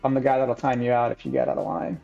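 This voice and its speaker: A laid-back man from Texas talks in a gravelly, mellow voice, chatting casually on a live stream and clearing his throat now and then. The audio is a little dull and lo-fi, with faint music underneath. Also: medium pitch, big pitch swings, fast talker. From Texas, United States. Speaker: stream regular and chat moderator.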